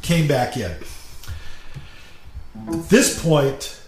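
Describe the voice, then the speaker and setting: A man's voice: a little high, drawn-out words, a little mellow, soft background music. A man telling a story in plain, casual chat, swearing freely. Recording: roomy echo with faint hiss.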